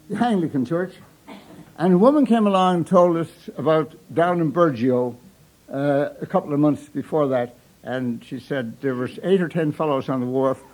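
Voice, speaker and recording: A man's voice: on the high side, darkish tone, low-quality recording. An older man with a Newfoundland accent telling folksy humorous stories, chuckling at his own punchlines. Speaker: storyteller. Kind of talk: live humorous storytelling.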